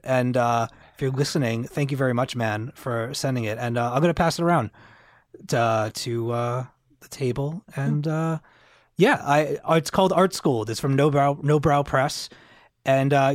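In a casual podcast chat, a male co-host rambles along with plenty of fillers and restarts. His voice sits in the mid-range, and the studio-quality recording has no room sound.

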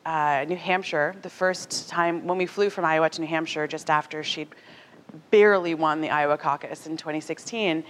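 A woman in her thirties giving a talk to an audience in a conversational, animated way, often acting out what others said. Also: sits low, moderate pace, slight background noise. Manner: animated, conversational, acts out quotes. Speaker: speaker at a talk.

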